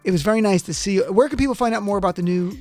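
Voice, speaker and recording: A man's voice: sits high, racing, darkish tone, soft background music. A man with a New Jersey accent hosting a radio talk show, chatty and jokey, reading an ad and chatting with a guest. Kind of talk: live radio talk with host-read ad.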